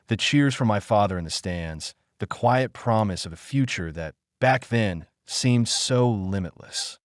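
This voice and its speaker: A middle-aged man narrating a scripted first-person story in a measured, reflective way. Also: lowish voice, no room sound, studio quality.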